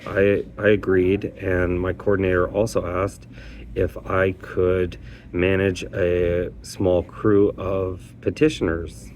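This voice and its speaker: A man who works as a petition worker, telling his own story in a casual, rambling, halting way, often restarting his sentences and sounding aggrieved. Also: low-pitched, darkish tone, a little hiss or hum.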